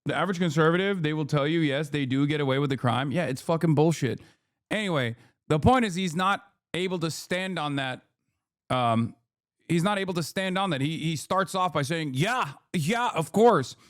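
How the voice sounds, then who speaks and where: A man with a high voice gives heated, profanity-laced live-stream commentary. He argues hard and punches his points home. The sound is close and dry, with no room echo. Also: a little fast. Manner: profane, emphatic, argumentative. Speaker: streamer reacting to a debate.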